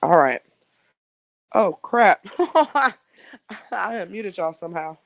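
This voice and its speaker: A woman chats into her phone on a live stream at home, rambling from one thought to the next and talking straight to her viewers. Her voice sits at an ordinary middle pitch. The sound is dry and close, with no room echo. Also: lively intonation, takes it slowly, vocal fry, muffled recording. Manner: rambling, chatty, talks to viewers directly. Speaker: livestream host. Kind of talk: casual live-stream chat.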